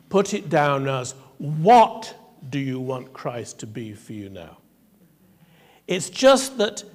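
A man speaking to clergy in a reflective sermon-style talk, wry and measured, telling anecdotes. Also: high-pitched. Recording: echoey hall from afar.

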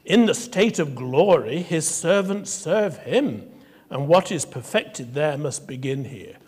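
A man's voice: a little high, animated, slow pace, darkish tone, breathy edge, long reverb tail, exaggerated voice. A man reading the lines of an earnest old-time minister who corrects a parishioner in formal speech. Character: earnest male minister, instructing, a little stiff.

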